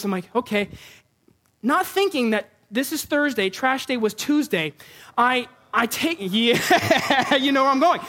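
A man preaching a sermon as a pastor before a congregation, telling a funny personal story with animated, self-mocking humor. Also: very high-pitched. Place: church before a live congregation.

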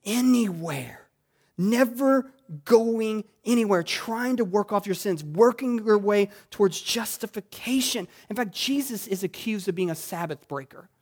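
A man with a notably high voice delivers a sermon to his congregation. He drifts from hushed, thoughtful stretches into loud, exclamatory preaching. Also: moderate pace, few pauses. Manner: builds from quiet reflection to loud, exclamatory preaching. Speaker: pastor. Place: church sanctuary.

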